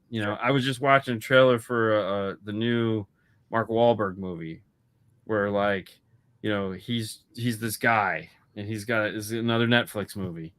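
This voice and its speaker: A man's voice: fairly low pitch, a bit bright. A man talking movies as co-host of a casual chat show. He rambles, swears freely and keeps restarting his sentences. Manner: rambling, profane, lots of restarts. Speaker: podcast co-host.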